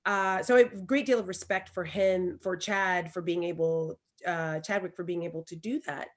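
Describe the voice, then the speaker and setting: A woman from Alabama with a Southern accent, co-hosting a podcast and telling stories in an emphatic, animated way. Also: fairly low pitch, normal speed. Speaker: podcast co-host. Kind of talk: casual conversation.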